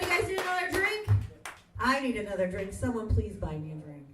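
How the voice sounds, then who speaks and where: A woman's voice: mid-range voice, very animated, fairly quick, far from the mic. A woman emceeing a live comedy night in a bar, upbeat and hyping up the crowd between acts. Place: bar stage, live audience. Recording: echoey bar from afar with crowd noise.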